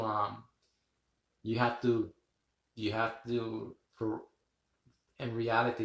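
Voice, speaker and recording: A man's voice: lowish voice, fairly bright tone, echoey room. A man hosting a rambling live stream, chatting with viewers, laughing often and swearing casually. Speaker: livestream host.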